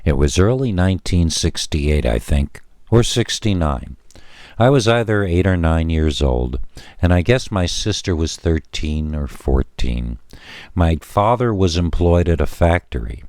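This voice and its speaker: A man with a very deep voice narrates a first-person scary story in a measured, steady way. The sound is dry and close, with no room around it. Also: no echo.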